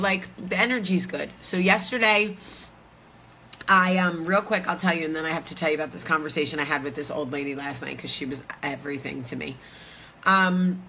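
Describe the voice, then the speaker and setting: A woman talks to her viewers in a loose, rambling way, full of fillers. Her voice sits a little low but sounds bright and forceful. A faint hum of room noise hangs behind her. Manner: chatty, rambling, lots of fillers. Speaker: vlogger host. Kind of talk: casual chat to viewers. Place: hotel room.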